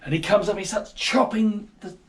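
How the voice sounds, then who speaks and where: A man with a New Zealand accent telling a Bible story to children in a casual, playful, animated way. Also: high-pitched, moderate pace.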